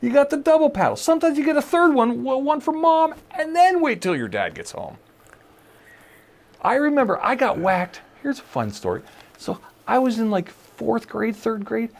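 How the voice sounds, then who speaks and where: A man in his forties or fifties, co-hosting a podcast in casual chat, an animated storyteller who laughs often and acts out the people he quotes. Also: very high voice, moderate pace, vocal fry. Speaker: podcast co-host.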